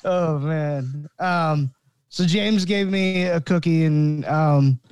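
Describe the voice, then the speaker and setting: A man's voice: fairly high pitch, takes it slowly, darkish tone, clear, resonant tone, no room sound. A man co-hosting a comedy podcast with a laid-back, goofy manner. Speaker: podcast co-host. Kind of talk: casual podcast chat.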